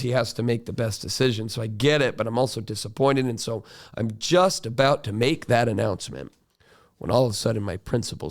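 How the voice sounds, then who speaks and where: Male teacher-host, mid-pitched, chatty reflective monologue, acts out dialogue. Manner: animated, acts out quoted dialogue with rising pitch; conversational, frequent "right?" and "like".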